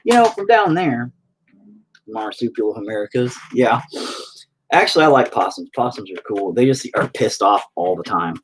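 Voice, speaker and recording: A man's voice: mid-range voice, sing-song, moderate pace, slight background noise. A man livestreaming while he paints, chatting with viewers in a rambling, profane, self-mocking way. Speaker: livestreaming painter reading chat. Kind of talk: casual rambling stream chat.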